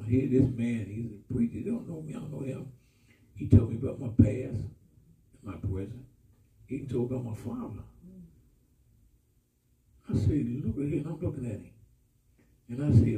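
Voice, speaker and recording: Animated male pastor in echoey hall. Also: medium pitch. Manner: animated storyteller, shouts and laughs through stories. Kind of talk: testimony sermon. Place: church hall with congregation. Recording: echoey room, far from mic.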